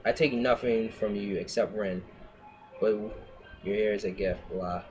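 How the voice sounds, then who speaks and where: A man's voice: on the low side, measured pace, darkish tone, highs cut off, faint music behind, lightly acted. A man reading the lines of a cruel, taunting male thief villain in a mocking reading of an amateur story.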